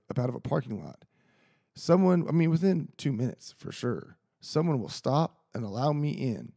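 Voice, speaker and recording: A man rants through a casual solo podcast, rambling, heated and swearing constantly. His voice is gravelly with a dark, husky edge, close and dry on the mic. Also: mid-range voice, no echo. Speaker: podcast host.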